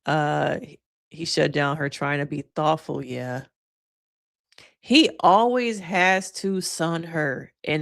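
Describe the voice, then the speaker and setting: Animated woman therapist chatting with viewers. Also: fairly low pitch. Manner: chatty and animated, addresses viewers as y'all, acts out quotes. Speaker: licensed therapist and reaction commentator. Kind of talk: casual reaction vlog commentary.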